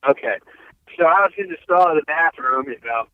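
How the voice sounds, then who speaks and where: A man's voice: fairly high pitch, lively intonation, a little fast, a little hiss or hum. A man from Ohio, a guest comedian, telling a story in a rambling, casual way with many fillers. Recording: tinny phone-like line.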